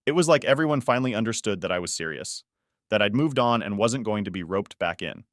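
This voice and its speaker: A man narrating a first-person story in a steady, matter-of-fact way. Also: lowish voice, fast talker, no room sound, clean studio sound.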